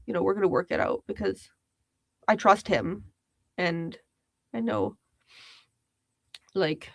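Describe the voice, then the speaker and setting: A woman's voice: mid-range voice, gravelly, no echo. Giggly woman chatting on a livestream. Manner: chatty, giggly, reads chat aloud. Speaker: livestream host. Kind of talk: casual livestream chat reading comments.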